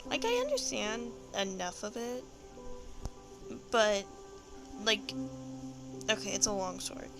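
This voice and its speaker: A woman's voice: mid-range voice, sing-song, slow, long pauses, over music. A young woman with a Texan accent telling a long story in a rambling, profane, frank way. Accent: Southern US (Texan). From Texas. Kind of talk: casual storytelling monologue.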